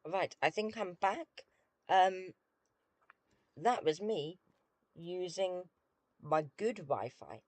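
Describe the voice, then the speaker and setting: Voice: mid-range voice, lively intonation, drawn-out words, pauses often, a little mellow, no echo. A British streamer chatting casually with viewers while playing a game, dry and self-deprecating.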